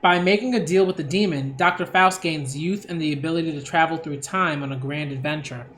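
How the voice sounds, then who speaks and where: A man reading a manga aloud and reacting to it in a casual, excitable way, full of slang like "yo" and "like". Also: fairly high pitch, a little fast, slight background noise. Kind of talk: casual read-along reaction.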